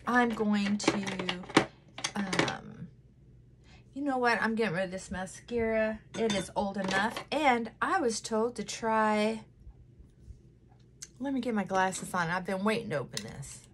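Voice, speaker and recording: Slow-talking emotional woman vlogger. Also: medium pitch, background noise. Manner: emotional, tearful, candid. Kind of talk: casual chat while doing makeup.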